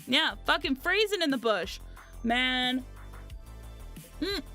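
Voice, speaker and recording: High, bright-voiced chatty woman streamer. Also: very animated, slow, soft background music. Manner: chatty, swears freely, frequent laughter. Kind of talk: casual storytelling chat.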